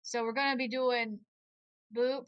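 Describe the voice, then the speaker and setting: A young woman player at a tabletop game, thinking aloud in relaxed casual chat. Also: on the high side, a little slow, clean tone, dry recording, muffled recording.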